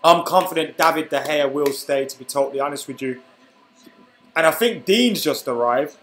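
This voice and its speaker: A man's voice: a little high, moderate pace, fairly bright tone, a little hiss or hum. Young man, hiccuping, casual live stream host, reads viewer comments, echoey room. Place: room at home.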